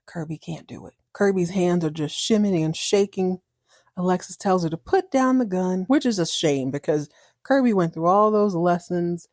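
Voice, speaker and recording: A woman's voice: on the low side, animated, normal speed, a little mellow, dry recording, clean studio sound. A woman hosting a podcast, recapping a TV soap in a chatty, sarcastic, joking way. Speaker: podcast host. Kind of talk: casual TV recap.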